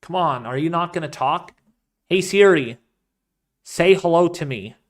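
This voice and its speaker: A man hosting a live weather stream, talking casually and excitably, rambling off into asides while reading the models and the chat. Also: on the high side, a little slow. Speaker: weather livestream host.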